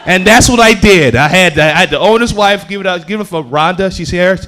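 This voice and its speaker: A stand-up comedian from Houston, Texas, telling animated stories on a comedy club stage and acting out the people in them. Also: male voice, sits high, a little fast. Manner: animated storytelling with acted-out voices.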